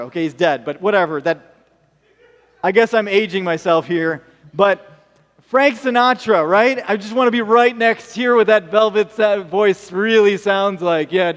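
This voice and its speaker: Man, American accent, pastor, sermon, joking storyteller, high-pitched, church hall reverb. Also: a bit bright. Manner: storytelling, jokey asides.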